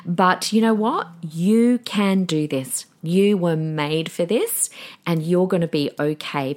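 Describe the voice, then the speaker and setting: Female podcast host, thirties, lower voice, warm pep-talk delivery, chatty with restarts. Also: a little slow. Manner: encouraging, chatty, lively with small restarts.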